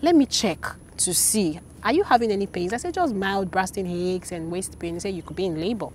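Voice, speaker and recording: A woman in her thirties, an interview guest telling a personal story in casual chat, animated and acting out the voices of people she quotes. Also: medium pitch, fairly quick, slight background noise.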